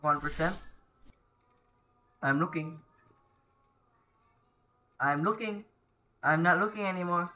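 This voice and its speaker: A man doing horror let's-play commentary, jumpy, yelling and pleading at the ghost on screen. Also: on the high side, slow, pauses often. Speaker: gaming YouTuber.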